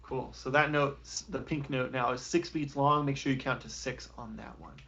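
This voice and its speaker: A man's voice: mid-range voice, steady tone, normal speed, sharp tone. Casual male flute teacher, dull audio. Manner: casual, encouraging, with frequent fillers. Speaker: music teacher. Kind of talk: live online music lesson.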